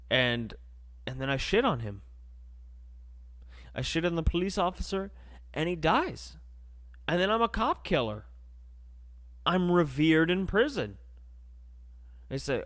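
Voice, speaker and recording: A man's voice: on the high side, unhurried, long pauses. A young man hosting a podcast, telling a crude comedic story and acting out the voices. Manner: animated, crude, acts out voices. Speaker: podcast host.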